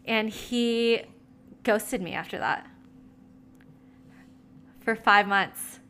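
Bright-voiced young woman telling gossip. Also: on the high side, extremely slow, a little hiss or hum. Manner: gossipy, swearing, many fillers. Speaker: storyteller. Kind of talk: casual chat.

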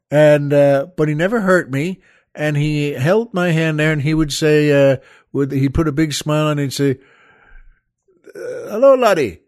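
Halting comedian telling a rambling story. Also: male voice, fairly high pitch, no echo, studio quality. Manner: halting, full of fillers and restarts, chuckling asides. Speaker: comedian host. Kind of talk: rambling comic storytelling monologue.

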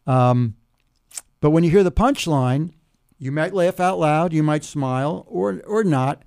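A man in his seventies explaining humor in conversation and telling a joke slowly, step by step, with pauses. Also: on the high side, gravelly. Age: 70s. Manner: animated, builds jokes slowly with pauses.

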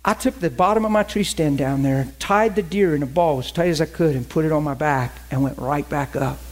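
A man in his forties, a preacher, telling stories in a sermon in a chatty, animated way and acting out the dialogue. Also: on the high side, brisk. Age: 40s. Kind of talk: sermon storytelling.

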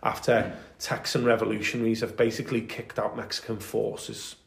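A man's voice: on the low side, steady tone, normal speed, creaky, echoey room. A man co-hosting a podcast, telling military history stories in a casual, enthusiastic way with many fillers. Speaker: podcast co-host.

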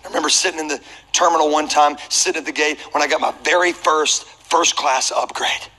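High, very bright-voiced male pastor. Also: fairly quick, rough recording. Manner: humorous, animated storytelling. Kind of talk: sermon with personal storytelling.

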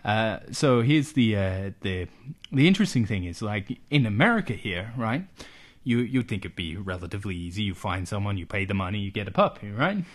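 Rambling, low-voiced male podcast host. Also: very animated, fairly quick. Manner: rambling storytelling with many fillers and rhetorical questions. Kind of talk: casual comedic chat.

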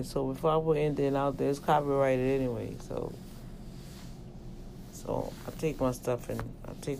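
Gravelly and medium-pitched, a man's voice comes through with background noise. The vlogger and self-publisher rants casually to camera in a sermon-like way, folksy and emphatic, speaking directly to viewers and urging them toward God.

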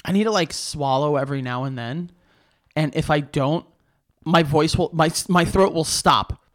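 A man's voice: fairly high pitch, normal speed. A young man co-hosting a podcast, rambling casually with lots of fillers and jokes. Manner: rambling, jokey, filler-heavy. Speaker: podcast co-host. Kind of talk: casual chat.

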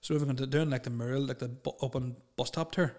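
A young Northern Irish man in relaxed chat, telling anecdotes with lots of filler and swearing. He stumbles and restarts now and then. His voice sits at a middling pitch. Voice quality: stutters at times. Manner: storytelling, swears freely, quick laughs, mimics others. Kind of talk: casual chat.

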